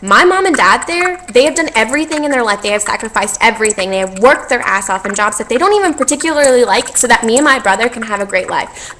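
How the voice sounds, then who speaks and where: A woman's voice: a little high, sharp tone, slight background noise, poor audio. Tearful young woman. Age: young adult. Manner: heartfelt, rambling, tearful with laughs. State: teary. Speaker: vlogger. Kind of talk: emotional thank-you vlog.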